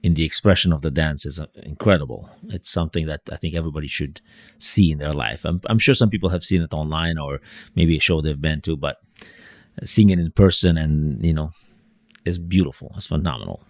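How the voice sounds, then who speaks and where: A man's voice: very deep voice, fairly quick, no room sound, studio quality. A man hosting a podcast interview, asking rambling questions full of restarts and fillers. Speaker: podcast host.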